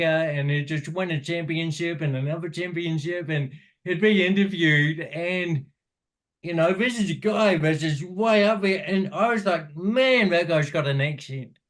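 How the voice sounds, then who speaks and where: A man whose speech carries the slur of cerebral palsy. His voice sits high for a man. He chats frankly and casually, swearing now and then and restarting his thoughts. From New Zealand. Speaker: podcast guest, inspirational speaker. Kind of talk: casual chat.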